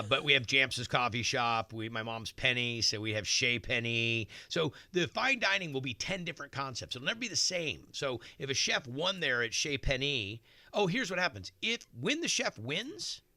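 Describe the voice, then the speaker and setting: A middle-aged man, a guest in a radio studio, telling an animated story and acting out what other people said. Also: medium pitch, no room sound. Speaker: celebrity chef guest.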